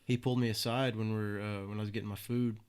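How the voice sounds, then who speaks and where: A man's voice: lowish voice, little pitch movement, fast talker, darkish tone, clear, resonant tone. A young man, a podcast guest, casually telling stories with plenty of swearing and acted-out quotes. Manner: laid-back, swears freely, acts out quoted voices. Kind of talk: casual storytelling interview.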